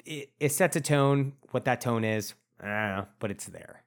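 A man co-hosting a casual film-review podcast, thinking aloud in a relaxed way. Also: medium pitch, moderate pace. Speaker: podcast co-host.

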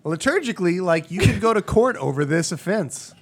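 A man's voice: fairly high pitch, huge pitch swings, moderate pace, fairly bright tone. A young man co-hosting a podcast, chatting casually with loose, profane joking banter. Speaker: podcast co-host. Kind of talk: casual chat.

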